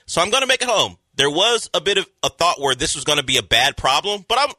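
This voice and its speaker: Animated wry radio storyteller, man. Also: on the high side, fast talker, no echo. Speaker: sports radio co-host.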